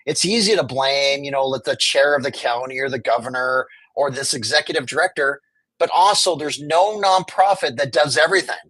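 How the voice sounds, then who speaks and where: A bright, forceful mid-range voice, a little fast, belongs to a homelessness advocate speaking as a guest in a conversational interview. He argues passionately and acts out quoted officials, heard on a dry, low-quality recording.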